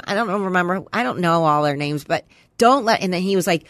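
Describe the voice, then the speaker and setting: A woman's voice: on the low side, no echo. Chatty stuffed-up woman co-host. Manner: chatty, rambling, quick to quote others in an animated voice. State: stuffy and dry-throated. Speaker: podcast co-host. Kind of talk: casual chat.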